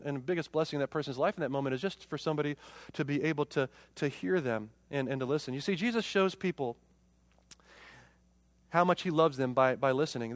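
Fast-talking high-voiced male pastor. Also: no echo. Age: 40s. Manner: conversational, repeats words as he goes. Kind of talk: sermon.

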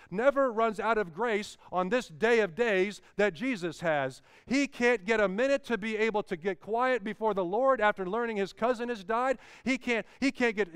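A man's voice: sits high, a bit bright, clear, resonant tone, no echo, clean studio sound. A man preaching a sermon as pastor, with swelling emphasis and repeated phrases.

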